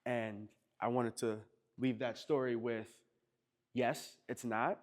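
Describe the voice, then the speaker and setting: A man's voice: medium pitch, little pitch movement, takes it slowly. Chatty East Coast man telling stories. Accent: American East Coast. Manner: chatty, laughs often, acts out quotes. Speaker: chiropractor running a workshop. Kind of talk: casual storytelling to a live group.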